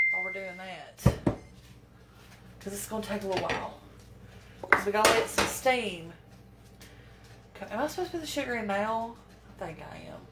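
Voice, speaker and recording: A woman with a medium-pitched voice is heard from a distant mic in a very noisy, echoey kitchen where pans clatter. She is a home cooking vlogger, casually chatting with viewers in a folksy manner and fretting aloud over her fumbles.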